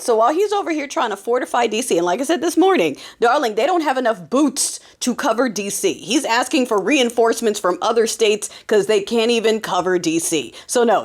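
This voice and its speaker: A woman hosting a political commentary podcast in a casual, sarcastic monologue full of quick asides. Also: a little high.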